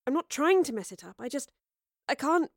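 A woman voicing a young female undercover officer who talks in a halting, defensive, self-reproaching way. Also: high voice, big pitch swings, dry recording, clean studio sound, voice pushed up. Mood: flustered. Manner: halting, defensive, stumbling over words.

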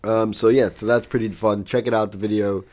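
Laid-back man with a low voice. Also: flat delivery, fairly quick, darkish tone. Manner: loose, laughing storyteller with profanity. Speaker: podcast co-host. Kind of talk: casual chat.

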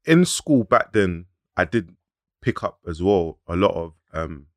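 Low-voiced halting man, dry sound. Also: big pitch swings, no room sound. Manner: hesitant, many fillers, London slang. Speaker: podcast host. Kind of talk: casual chat.

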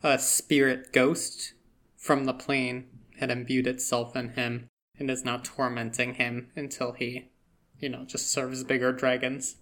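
A man's voice: mid-range voice, level tone, measured pace, fairly bright tone. A man co-hosting a podcast, chatty and rambling with frequent fillers in a casual fan discussion. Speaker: podcast co-host.

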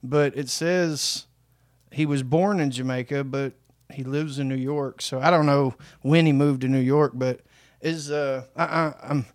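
A man's voice: mid-range voice, fairly even intonation, unhurried, dry recording, studio quality. A man co-hosting a casual reaction chat, joking and laughing as he talks. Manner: jokey, breaks into sing-song mimicry and laughs. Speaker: co-host.

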